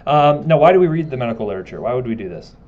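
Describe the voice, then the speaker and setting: A man's voice: mid-range voice, very animated, racing, darkish tone, lo-fi sound. A man giving a casual classroom lecture, joking and asking his students questions.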